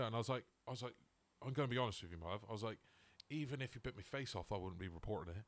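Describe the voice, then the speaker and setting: A man's voice: lowish voice, very fast. A man, co-hosting a casual podcast and telling an anecdote, acting out the people in it. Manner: animated storyteller, acts out quotes. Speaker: podcast co-host. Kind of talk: casual chat.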